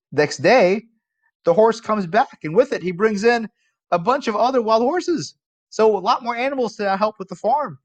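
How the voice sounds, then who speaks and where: A man lecturing as a college philosophy professor, conversational and posing rhetorical questions, animated when telling a story. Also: high-pitched, a little slow, muffled recording.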